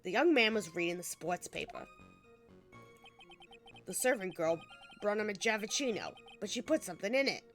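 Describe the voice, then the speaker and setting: A woman's voice: medium pitch, animated, moderate pace, long pauses, a bit bright, soft background music, close to an everyday voice. A woman voicing a grumpy, stubborn old male witness in a put-on French-sounding accent. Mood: grumbling. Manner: gruff, grumbling.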